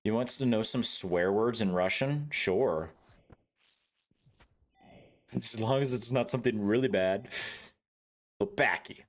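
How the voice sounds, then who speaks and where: Man, game streamer, casual chat with viewers, joking, swears, laughs a lot, fairly low voice. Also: slow pace, long pauses. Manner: joking and laid-back, swears freely, laughs often.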